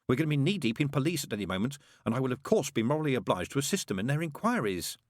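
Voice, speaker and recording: A prim, fussy angel speaking sweetly with a note of reproach, as a man puts him on. The voice is raised and lively in pitch, read close and dry like a storybook. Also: racing, no echo.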